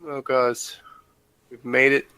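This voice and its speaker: A man's voice: mid-range voice, flat delivery, takes it slowly, bright, forceful tone, clean tone, no room sound, rough recording. A man co-hosting a podcast, chatting casually and enthusiastically with lots of "like" fillers. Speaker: podcast co-host. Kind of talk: casual chat.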